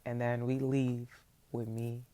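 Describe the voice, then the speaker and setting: A young adult woman, a podcast host, telling a childhood story in a casual, animated way and acting out her younger self. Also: very deep voice, slow, slight background noise.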